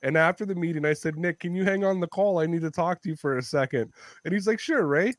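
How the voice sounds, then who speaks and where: A man's voice: fairly high pitch, fast talker, no echo, clean studio sound. A Canadian man on a podcast, telling a story in casual chat, swearing freely and acting out the people he quotes. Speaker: podcast co-host.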